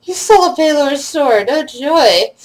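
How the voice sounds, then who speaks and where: A woman narrating a tabletop role-play as game master, halting with frequent restarts. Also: sits high, lively intonation, rough recording. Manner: halting, many restarts and fillers.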